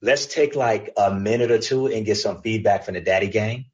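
A man's voice: lowish voice, moderate pace, a little mellow, lo-fi sound. A man co-hosting a podcast live, chatting in a laid-back, slangy way. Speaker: podcast co-host. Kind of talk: casual live-stream chat.

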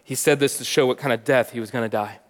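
A man preaching a sermon, swinging from soft and hushed to loud and emphatic. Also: mid-range voice, fairly even intonation, quick pace. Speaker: pastor teaching. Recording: long reverb of a large hall.

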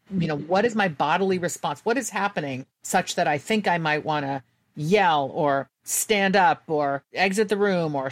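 A woman's voice: deep voice, no room sound, studio quality. A woman guest and author telling candid personal stories in an earnest, reflective way. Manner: earnest, candid, quick bursts.

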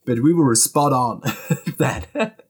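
Husky man chatting with frequent laughs. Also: medium pitch. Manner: laughs often, halting restarts. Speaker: conference organizer, guest. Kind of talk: casual podcast chat.

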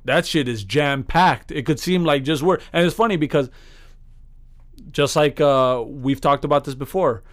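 A man's voice: a little high, normal speed. Rambling man telling stories in casual chat. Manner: rambling storytelling, many restarts. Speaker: podcast co-host.

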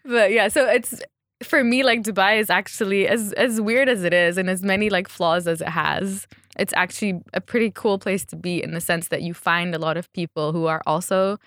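A woman's voice: fairly low pitch, fairly even intonation, fairly quick, a bit bright, no echo. Chatty woman guest, dry close sound. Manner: chatty, laughs often, quotes people. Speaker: fashion designer, guest. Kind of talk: casual interview chat. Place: Dubai.

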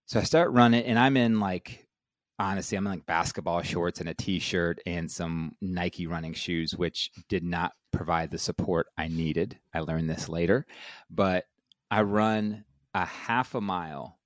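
Deep voiced guy in his 40s, animated storytelling, dead dry mic. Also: measured pace, dry recording. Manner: animated, acts out quoted voices. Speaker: guest. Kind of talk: candid storytelling.

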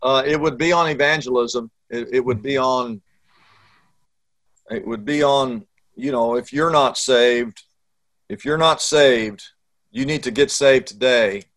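A man's voice: medium pitch, unhurried, fairly bright tone. A middle-aged man, a pastor telling a story in an interview and acting out the dialogue.

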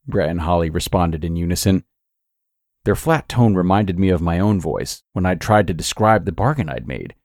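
A man narrating a scripted horror story in a measured, steady way. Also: low-pitched, dry recording, clean studio sound.

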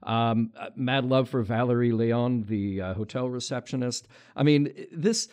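A man talks casually on a film podcast, enthusiastic and a bit playful. He stammers into restarts now and then, and his voice sits at an ordinary pitch. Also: measured pace, a little mellow, smooth. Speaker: podcast co-host.

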